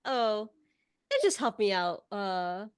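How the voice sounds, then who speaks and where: A woman's voice: medium pitch, slow pace, clean tone, no room sound, clean studio sound. A woman playing a tabletop role-playing game, talking in a coy, evasive way. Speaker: player. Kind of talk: in-character tabletop play.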